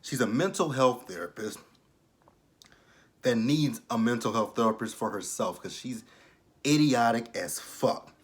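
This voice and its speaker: A man's voice: medium pitch, animated, unhurried, pauses often. Blunt, foul-mouthed man reviewing reality TV. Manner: blunt, profane, exasperated. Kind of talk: casual commentary.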